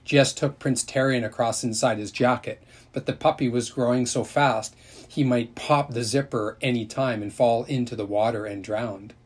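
A man reading a children's novel aloud in a steady, unhurried storytelling manner, with a husky voice. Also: medium pitch. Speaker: narrator.

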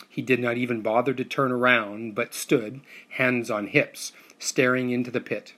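A man giving a steady, measured first-person audiobook narration. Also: medium pitch.

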